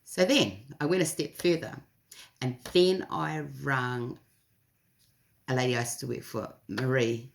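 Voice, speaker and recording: A middle-aged woman with a New Zealand accent, telling her day in a chatty video diary with a lively, laughing manner. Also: extremely low pitch, measured pace, gravelly. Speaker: vlogger. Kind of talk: casual spoken diary.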